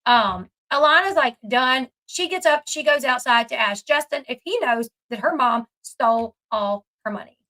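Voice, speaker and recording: A woman's voice: sits high, animated, normal speed, bright, forceful tone, low-quality recording. A woman hosting a casual reaction commentary, chatty and emphatic with fillers and asides. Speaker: commentary channel host.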